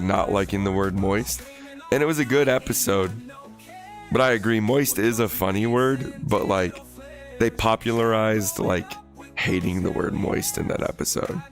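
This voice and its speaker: An American man chatting casually and profanely with viewers on his live stream while he plays a game, rambling as he talks. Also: fairly low pitch. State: recovering from illness.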